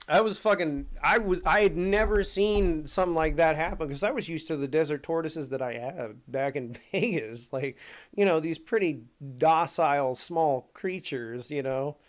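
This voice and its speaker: A man talking casually and profanely on a stream, telling animated stories. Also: a little high, measured pace. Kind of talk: casual rant.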